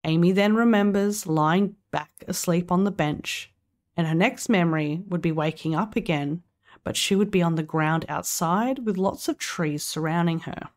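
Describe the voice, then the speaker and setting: A woman's voice: fairly low pitch, moderate pace. Aussie woman podcast host telling a story, chill, swears a bit. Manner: swears casually, laughs while telling the story. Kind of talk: casual storytelling chat.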